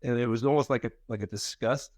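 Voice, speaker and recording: A man's voice: medium pitch, steady tone, quick pace, no room sound. A man co-hosting a podcast, chatting casually and telling family stories with rambling restarts and easy laughter. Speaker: podcast co-host. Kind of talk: casual chat.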